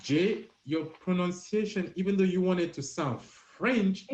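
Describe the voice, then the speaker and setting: On a dull, lo-fi live stream, with audio from the streaming app, a man whose voice sits high runs a French pronunciation quiz. He speaks a little slowly with a slightly mellow tone, teasing the players playfully as he calls on each one.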